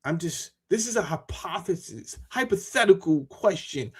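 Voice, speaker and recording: A man talking casually to his viewers as a YouTuber, animated and full of rhetorical questions and slang. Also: sits high, normal speed, husky. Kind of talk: casual monologue to camera.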